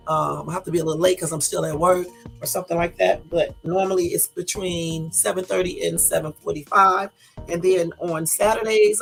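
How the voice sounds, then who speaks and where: A middle-aged woman hosting her own livestream in a casual, rambling chat, talking very fast. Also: fairly low pitch, creaky, breathy edge. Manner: talks very fast, chatty and rambling. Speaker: livestream host.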